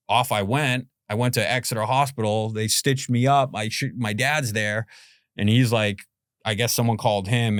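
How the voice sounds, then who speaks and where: A man's voice: lowish voice, smooth, no room sound, studio quality. A man in his forties from Boston, a podcast guest telling a story in a rambling, casual way, full of "like" and "you know" and the odd swear word. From Boston, USA.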